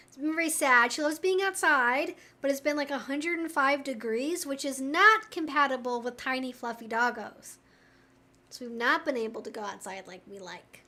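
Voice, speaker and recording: High-voiced chatty woman streamer. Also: normal speed, pushed and bright. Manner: chatty and candid, peppered with "like". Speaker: live-stream host answering viewer questions. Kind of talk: casual live-stream Q&A chat. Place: at home with her pets.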